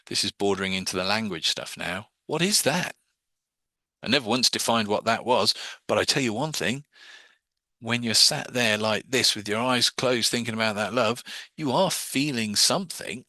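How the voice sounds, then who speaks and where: A man's voice: medium pitch, expressive, moderate pace, pushed and bright, no room sound. A man teaching hypnosis, explaining his own wording step by step as he demonstrates the techniques.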